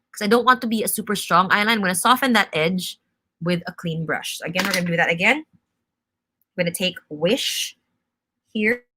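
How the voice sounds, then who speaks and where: A woman's voice: mid-range voice, pushed and bright. A young woman hosting a live-stream makeup tutorial, explaining each step in a chatty, instructive way and answering viewer comments. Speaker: makeup brand host.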